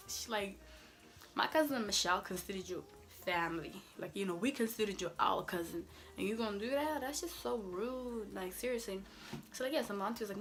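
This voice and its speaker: A woman's voice: medium pitch, a little fast, a bit bright. A young woman telling a story on her vlog in a casual, emphatic, sassy way, filling her talk with "like" and firm "mm-mm"s. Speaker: vlogger.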